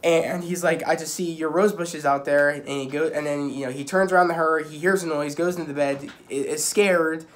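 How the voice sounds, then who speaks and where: A man's voice: on the high side, fairly even intonation, normal speed, few pauses. Rambling young man recapping a show. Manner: rambling, full of restarts and "like". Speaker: video reviewer. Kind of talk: casual episode recap.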